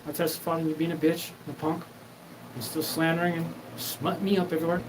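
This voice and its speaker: A man hosts his own show alone, his voice pitched a little above the usual male range. He rambles from one story to the next, swearing often and acting out both sides of remembered conversations. A steady, clear noise runs behind him. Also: fast talker. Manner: profane, rambling, acts out quoted exchanges. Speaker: host. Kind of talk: rambling solo monologue.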